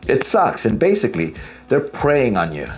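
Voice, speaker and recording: A man's voice: mid-range voice, wildly swooping pitch, moderate pace, soft background music. A man giving blunt, casual advice as a divorce coach, speaking straight to his viewers and swearing freely. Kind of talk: direct-to-camera advice talk.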